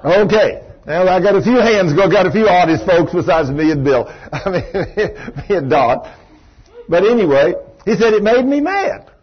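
A man, preaching a folksy, animated storytelling sermon and acting out the people in it. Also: high-pitched, moderate pace, slightly rough. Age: 60s. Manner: folksy, animated, acts out the people in his stories. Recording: dull lo-fi sermon recording.

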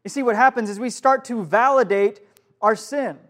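High-voiced young man preaching to youth. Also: moderate pace, fairly bright tone. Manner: casual, asks the room questions. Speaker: youth pastor. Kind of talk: youth group sermon. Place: youth group room with live audience.

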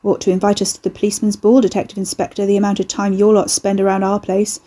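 Woman narrator doing a crude, sardonic young man who works curses, husky and mellow. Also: medium pitch, monotone, fast talker, natural voice. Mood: mocking. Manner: mocking, offhand and crude.

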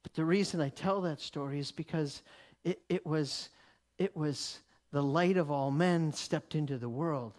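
A man preaching, telling a story in an animated way, laughing often and repeating words as he goes. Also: fairly high pitch, unhurried. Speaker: preacher teaching. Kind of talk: sermon storytelling.

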